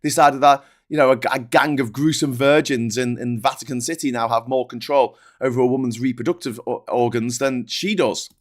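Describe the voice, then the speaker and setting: A man's voice: medium pitch, steady tone, normal speed, hardly any pauses. A man hosting a political livestream, ranting in an exasperated, sweary way. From United Kingdom.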